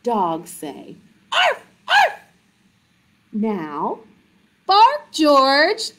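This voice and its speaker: A woman puts on a fussing mother dog from a picture-book storytime, pitched up high and swooping wildly as she gently scolds her pup. She speaks slowly and with great emphasis. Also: huge pitch swings, full character voice. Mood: insistent.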